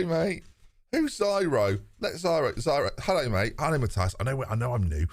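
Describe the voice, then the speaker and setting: A man streaming a game live, chatting to his viewers in a lively, sweary way. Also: fairly high pitch, normal speed, dry recording, clean studio sound. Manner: animated, talks to chat, swears casually. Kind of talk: live gameplay commentary.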